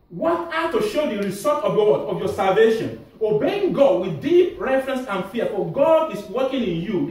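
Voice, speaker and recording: A man with a Nigerian accent preaching a sermon, animated and laughing often, asking the congregation to finish his sentences. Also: high-pitched. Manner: animated, asks the audience to fill in answers, laughs often. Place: church hall. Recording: echoey church hall from far off.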